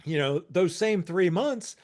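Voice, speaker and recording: A man's voice: high-pitched, lively intonation, a little slow, darkish tone. A man in his sixties co-hosting a podcast, explaining ideas in a reflective, casual way. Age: 60s. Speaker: podcast co-host. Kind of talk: casual chat.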